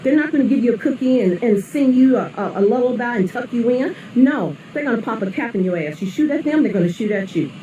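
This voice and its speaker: A woman's voice: on the high side, animated, fast, hardly any pauses, warm tone, dull audio. A mother from the St. Louis area delivering an angry, profane rant, scolding and blunt. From St. Louis area, USA. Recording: echoey, distant, noisy.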